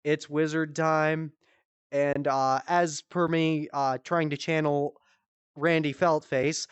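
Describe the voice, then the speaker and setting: A woman hosting a comedy stream, telling a story in casual, animated style, swearing freely and jumping high for quoted voices. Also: slow pace, smooth, dry recording. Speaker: comedy show host. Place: virtual-world live stream.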